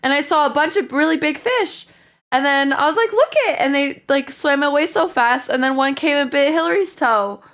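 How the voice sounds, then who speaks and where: A woman's voice: high voice, normal speed, a bit bright. A young woman livestreaming, casually telling her viewers a rambling story, full of "like" and "um". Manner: rambling storytelling with many likes and ums. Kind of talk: casual chat with stream viewers.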